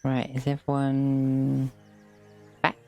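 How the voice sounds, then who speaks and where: A man's voice: medium pitch, completely flat delivery, slow pace, vocal fry, faint music behind. A man running an online tabletop game as game master, talking in an easygoing, chatty way over a voice call. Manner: easygoing, chatty, casual fillers.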